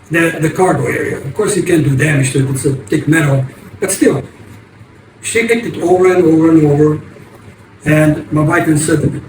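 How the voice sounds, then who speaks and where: An older man tells his story in a halting, rambling way, his voice set a little high for a man. He sits back from the microphone, so the sound comes through echoey and distant. A steady hiss of noisy ambience runs underneath. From United States. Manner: rambling, halting, many restarts. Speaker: vlogger. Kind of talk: casual storytelling.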